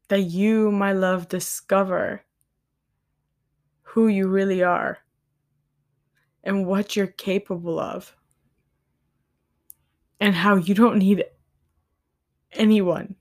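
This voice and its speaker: A woman speaks slowly and gently, with unhurried pauses, as she offers faith-based encouragement. Her tone is earnest and tender, and she sounds close to tears. Her voice sits at an ordinary middle pitch. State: tearful, near crying. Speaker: podcast host.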